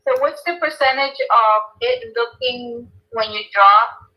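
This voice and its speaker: A woman's voice: a little high, measured pace, pushed and bright, poor audio. A woman, a homeowner, enthusiastically reacting to a pool design and asking questions. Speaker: homeowner client. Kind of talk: casual client meeting.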